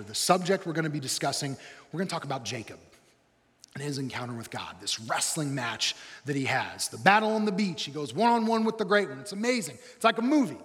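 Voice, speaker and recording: A male pastor delivers a sermon in a church auditorium, telling his story with humor and energy. His voice sits high for a man. A long reverb from the big room trails behind him. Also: fairly bright tone.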